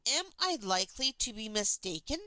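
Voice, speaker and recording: A calm, cold young governess who answers slowly and keeps her guard up, voiced by a woman in an audiobook. The voice is fairly high and bright. It sounds dry and close. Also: no room sound. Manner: slow, steady, guarded. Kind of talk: audiobook character reading.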